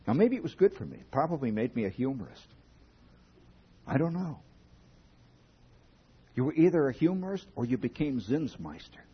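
A man with a husky voice telling a wry, profane comic story to an audience, building from low asides to loud outbursts. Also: lo-fi sound. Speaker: humorist speaking to an audience.

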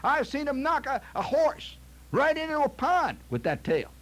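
A man doing a shrill, incredulous club member. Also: big pitch swings, fairly quick, heavily acted. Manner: incredulous, exclamatory.

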